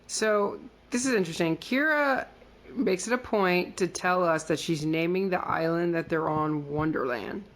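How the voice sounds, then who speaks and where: Casual woman co-host lower register, chatty and playful. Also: moderate pace. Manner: chatty, lots of fillers, quotes characters in playful voices. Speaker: podcast co-host. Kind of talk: casual recap chat.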